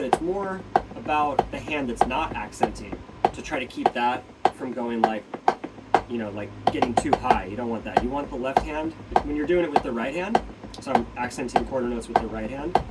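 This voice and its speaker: A man giving a casual drum lesson, counting beats aloud and asking "right?" as he explains. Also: medium pitch. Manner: counts beats aloud while demonstrating on a practice pad; loose, filler-heavy explaining with frequent "right?". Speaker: drum teacher. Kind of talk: casual instructional talk. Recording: distant mic with loud drum-pad noise.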